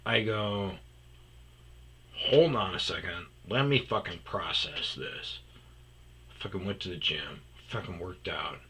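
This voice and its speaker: A man telling a workplace story in a casual, profane rant, loudly acting out what people said. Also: low-pitched, slow pace, slightly rough. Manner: profane, animated, acts out quotes loudly. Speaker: storyteller host.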